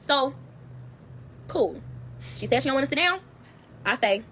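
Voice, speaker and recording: Her voice sits high and sharp, with lively intonation, a moderate pace and long pauses. Streaming live from her phone camera, the woman tells a personal story in a profane, emphatic way and keeps calling out to viewers as "y'all."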